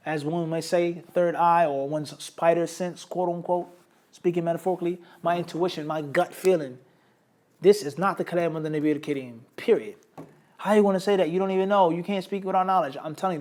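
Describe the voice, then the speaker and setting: A man's voice: a little high, darkish tone. A man teaching a hadith studies class, explaining through everyday examples, checking in with the class and mixing Arabic terms into English. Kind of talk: Islamic studies lecture.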